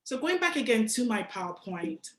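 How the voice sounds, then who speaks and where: A young woman from Nigeria delivers a lively, casual motivational talk, speaking straight to her audience with slang and asides. Her voice sits fairly high, and the sound carries a noticeable echo from the room. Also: normal speed, a little hiss or hum. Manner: casual, animated, slangy, direct address to audience. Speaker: guest speaker.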